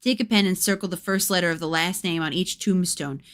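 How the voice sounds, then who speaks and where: Woman reading a mercenary ghost-hunter guy, blunt and matter-of-fact, a touch low. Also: a little fast, a bit bright, lightly acted. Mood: insistent. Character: slick, mercenary adult male ghost hunter. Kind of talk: reading a gamebook aloud with voices.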